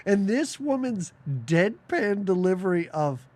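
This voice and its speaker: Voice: medium pitch, a little slow. A podcast co-host in casual movie-review chat, mocking scenes and acting out lines from them. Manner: animated, mocking, acts out quotes from scenes.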